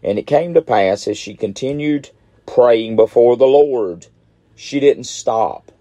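A man's voice: mid-range voice, slow pace, dark tone, no room sound. A middle-aged man preaching a midweek sermon, emphatic and repeating phrases for stress.

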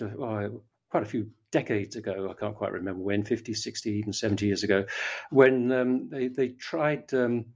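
Older man, interview guest, mid-pitched voice, halting talk, lots of uhs and restarts. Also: darkish tone. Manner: rambling with many fillers and restarts. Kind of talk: conversational interview.

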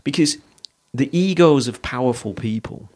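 A man co-hosting a podcast, talking in a reflective, rambling way. He thinks out loud and often restarts his sentences. His voice sits at a middle pitch for a man. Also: animated, normal speed. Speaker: podcast co-host. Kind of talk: casual chat.

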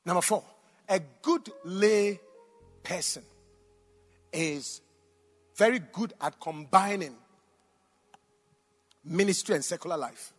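Man, pastor, sermon, high voice, husky tone, long hall reverb, faint music behind. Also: takes it slowly, long pauses. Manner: animated preaching, swings between loud exclamations and quiet asides. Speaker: pastor and doctor. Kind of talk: sermon with personal stories. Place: church hall.

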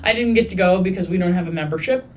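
A woman's voice: lowish voice, fast talker, a little mellow, a little hiss or hum. Wry, rambling woman with a Midwestern lilt. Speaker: podcast host. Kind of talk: casual chat.

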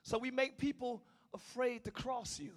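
A male pastor preaching a sermon in church, swinging between shouted lines and low, quiet passages. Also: steady tone, normal speed. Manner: preaching with call-outs, shifting between shouting and low tones. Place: church sanctuary.

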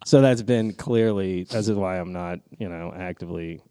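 A man telling a story on a podcast, animated and swearing a lot, his voice jumping high when he gets excited. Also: normal speed, smooth, no echo. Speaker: podcast co-host. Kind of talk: casual chat, storytelling.

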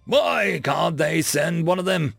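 Guy doing a cranky alien general, high pushed voice, cussing and demanding. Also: slow pace, creaky, a bit bright, breathy edge, dry recording, faint music behind, heavily acted. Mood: irritated. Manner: impatient, cursing, barking demands. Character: gruff ill-tempered male alien general.

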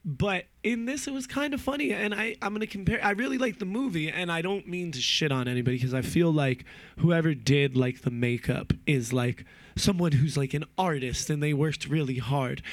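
A man's voice: fairly high pitch, no room sound. A man from New Jersey in a casual rant, rambling with lots of fillers and swearing. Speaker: movie reviewer.

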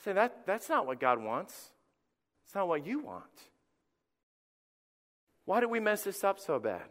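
Middle-aged male pastor, high voice, chatty animated sermon delivery, church reverb. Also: unhurried. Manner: conversational, animated storytelling with acted quotes. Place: church sanctuary. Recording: long reverb of a church hall.

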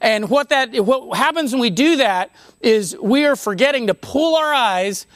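A woman preaching a conversational sermon on scripture, animated, restarting her sentences and breaking off mid-thought. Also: on the high side, moderate pace, no room sound, studio quality. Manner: animated, conversational, with many restarts and self-interruptions.

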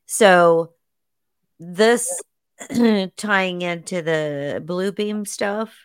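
Slow-talking low-voiced woman host. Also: clean tone. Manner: unhurried, conversational questioning. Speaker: podcast host. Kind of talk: casual interview.

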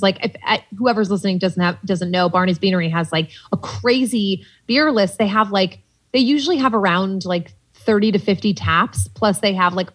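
Female guest, husky, casual storyteller, salty and animated, filler-heavy delivery. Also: mid-range voice. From Boston, USA. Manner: animated, swears freely, many "like" fillers. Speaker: podcast guest.

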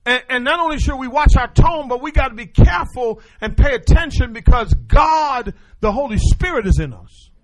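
A man's voice: extremely high pitch, moderate pace, hardly any pauses. A male pastor preaching a sermon, calling out questions to the congregation and answering them himself. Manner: call-and-response preaching, animated.

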